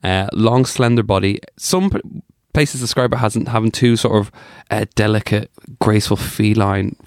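Hombre de voz grave charlando entre risas. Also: male voice, on the low side, steady tone, moderate pace, no room sound, clean studio sound. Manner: rambling, joking, lots of fillers and laughs. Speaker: podcast co-host. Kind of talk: casual chat.

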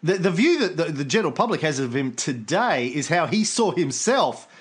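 A man's voice: fairly high pitch, very animated, moderate pace, slightly rough. A man co-hosting a podcast, chatting casually and irreverently about history and swearing freely. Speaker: podcast co-host.

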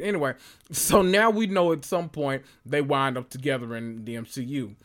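A man recapping a TV episode in a sassy, animated and profane casual reaction. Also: medium pitch, normal speed. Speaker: recap vlogger.

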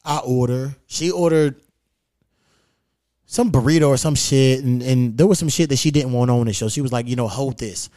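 A man hosting a podcast, telling stories in a profane, animated way with quoted back-and-forth. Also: mid-range voice, moderate pace, dry recording, clean studio sound. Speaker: podcast host. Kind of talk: casual chat, storytelling.

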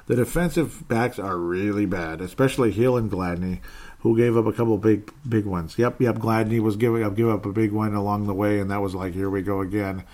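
A man's voice: fairly low pitch, fairly even intonation, brisk, darkish tone. A man hosting a casual sports talk show, reading listener comments aloud and chatting with frequent laughs. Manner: puts on a joking Canadian accent briefly. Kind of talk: casual sports podcast chat.

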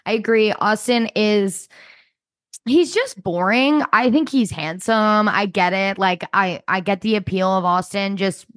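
A woman co-hosting a podcast, chatting casually at a middle pitch. Her voice sounds dry and close to the mic. She swears freely and keeps slipping into mock voices to quote people. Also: a little slow, a bit bright, no echo. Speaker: podcast co-host. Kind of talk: casual chat.

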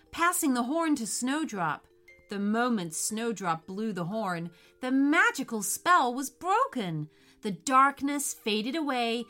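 Slow, expressive woman storyteller. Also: a little high. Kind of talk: children's story narration.

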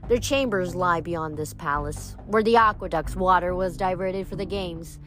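A woman reading aloud, voicing a bitter, vengeful ancient female water nymph in a slow, menacing way. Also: lowish voice, a bit bright, faint music behind, lightly acted.

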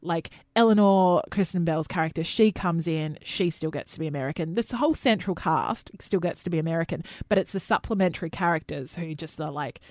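An Australian woman with a fairly low voice co-hosts a casual chat show. She rambles chattily and laughs often. The sound is dry and close. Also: fairly quick, hardly any pauses, a little mellow, no room sound. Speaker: co-host.

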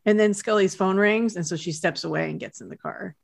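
Woman co-host, relaxed TV recap chat, chatty delivery. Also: medium pitch, a little fast, gravelly. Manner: chatty, laughs while retelling scenes. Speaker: podcast co-host.

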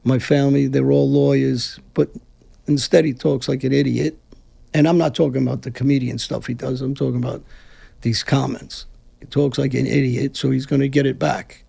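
A middle-aged man from Brooklyn guests on a heated interview, rambling, restarting and pushing back bluntly. His mid-range voice holds a steady tone at a moderate pace, gravelly, mellow and husky.

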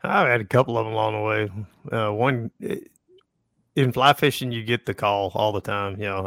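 Gravelly laid-back fishing guide man. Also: fairly low pitch, normal speed, fairly bright tone, dry recording. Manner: laid-back storyteller, dry humor, chuckles. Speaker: fly fishing guide, podcast co-host. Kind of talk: casual chat.

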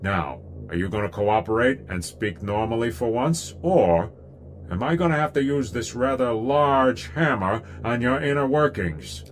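A man's voice: mid-range voice, measured pace, slight background noise, natural voice. A man playing a dry, sarcastic starship captain in a comedy audio drama. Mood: sardonic. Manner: sarcastic, calmly menacing.

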